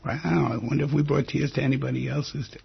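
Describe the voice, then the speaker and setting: Gravelly, husky male radio host. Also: mid-range voice, steady tone, fairly quick, no echo, highs cut off. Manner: emphatic, intimate storyteller who swings between loud and hushed. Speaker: radio talk show host. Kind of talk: personal storytelling on a radio talk show. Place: radio studio.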